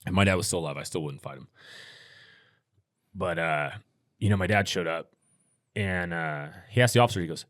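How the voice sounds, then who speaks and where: A man's voice: sits low, fairly quick, pauses often, fairly bright tone, no echo, clean studio sound. A middle-aged man telling a long story in a laid-back, rambling way, full of fillers and restarts. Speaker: podcast guest, firearms instructor. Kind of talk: casual storytelling.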